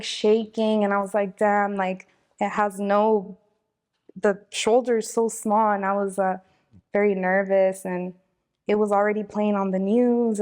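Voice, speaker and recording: A woman's voice: mid-range voice, darkish tone. A young woman, talking casually and from the heart in an interview, with many fillers. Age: 20s. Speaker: interviewee, victim's daughter. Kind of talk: emotional personal interview.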